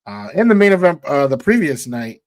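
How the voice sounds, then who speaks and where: A man's voice: a little high, very animated, a little fast. A male co-host in casual sports chat, laid-back and hedging with lots of fillers.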